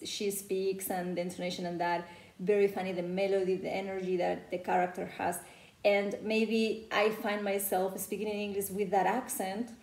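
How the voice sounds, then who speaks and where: A Spanish woman with a Spanish accent coaches English pronunciation in a loose, chatty way, saying "you know" constantly. Her voice is medium-pitched, creaky and darkish, heard in an echoey room during this casual teaching talk.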